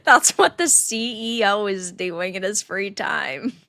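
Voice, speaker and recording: A woman co-hosting a podcast, dropping quick remarks between laughs. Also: mid-range voice, animated, bright, forceful tone, no room sound, clean studio sound. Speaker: podcast co-host. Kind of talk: casual chat.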